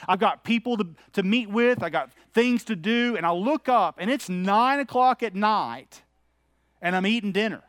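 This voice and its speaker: Candid preacher, high-pitched man. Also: moderate pace, fairly bright tone, no room sound, clean studio sound. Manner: conversational, candid, anecdotal preaching. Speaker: pastor. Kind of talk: sermon.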